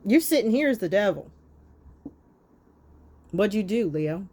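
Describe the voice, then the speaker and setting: A woman's voice: medium pitch, a little slow, long pauses, darkish tone. A woman giving a tarot reading straight to the camera. She scolds her listeners bluntly, swears freely, and hammers her points home with short repeated lines. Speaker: tarot reader.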